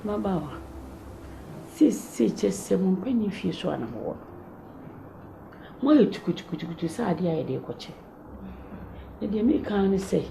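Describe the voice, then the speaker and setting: A woman's voice: mid-range voice, gravelly, dark tone, slight background noise. An actress with a Ghanaian accent playing an older woman who gives earnest advice. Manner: advising, pleading.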